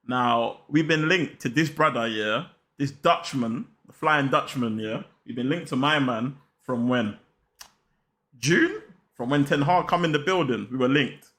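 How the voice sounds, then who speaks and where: Young male host, slangy and excitable, middling pitch, direct to camera. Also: normal speed, few pauses. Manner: slangy, hyped, talks straight to viewers. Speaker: football channel host. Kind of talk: casual football vlog chat.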